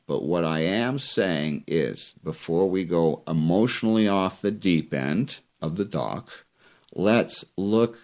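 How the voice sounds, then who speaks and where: Low-voiced man ranting. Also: darkish tone. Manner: rambling and heated, many fillers and restarts. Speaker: fishing podcast host. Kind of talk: casual opinion rant.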